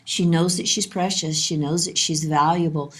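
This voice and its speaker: A woman lecturing on child development, calm and explanatory, repeating her key points. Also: low voice, normal speed, slightly rough. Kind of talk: instructional lesson narration.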